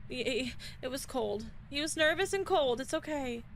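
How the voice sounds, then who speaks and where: A woman's voice: high-pitched, lively intonation, moderate pace, slight background noise, low-quality recording. A woman streamer chatting casually to her live-stream audience, flustered and panicky. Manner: flustered, panicky, talks to chat. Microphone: desk microphone.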